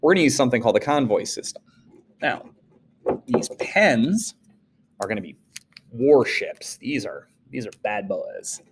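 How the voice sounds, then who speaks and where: An animated male teacher talks through a history lesson in a loose, chatty way. His voice sits at an ordinary middle pitch, and he keeps it lively by leaping up into playful quoted voices. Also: moderate pace, long pauses, a little hiss or hum. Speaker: social studies teacher. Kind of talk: casual classroom lecture.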